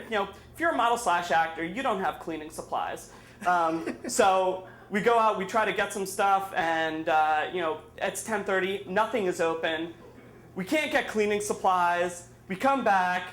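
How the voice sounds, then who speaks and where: A man tells a humorous story about himself at a bar's live storytelling night, poking fun at himself in rambling, filler-heavy speech. His voice is high and fairly bright, with a little hiss or hum, and the echoey room carries faint ambience.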